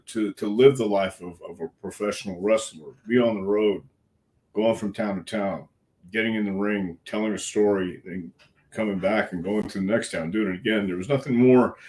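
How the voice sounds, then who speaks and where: Low-voiced older man telling stories. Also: darkish tone. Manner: frank, folksy, earnest, with some cussing. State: clearing a frog in his throat. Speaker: wrestling coach, interview guest. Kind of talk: casual storytelling interview.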